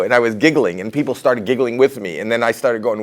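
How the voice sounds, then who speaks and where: A man's voice: medium pitch, quick pace, hardly any pauses. A middle-aged man with a Canadian accent, talking through his comedy career in a candid, rambling, self-deprecating interview.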